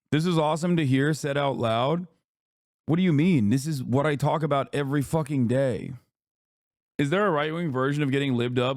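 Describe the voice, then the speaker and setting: A male political streamer rants at his chat with heated sarcasm and plenty of swearing. He sometimes reads news passages aloud at a fast clip. The sound is close and dry, with a pitch that sits in the middle. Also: dry recording. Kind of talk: live-stream reaction commentary.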